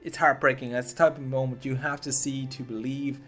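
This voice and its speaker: A man's voice: medium pitch, level tone, brisk, fairly bright tone, soft background music. Rambling, slangy man recapping a film. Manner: rambling, slangy, repeats himself. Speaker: host of a film commentary series. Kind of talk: casual comedic film recap.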